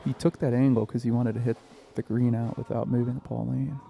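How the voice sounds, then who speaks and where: Dry, flat-voiced male color commentator. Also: mid-range voice, fairly quick, vocal fry. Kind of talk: live sports commentary.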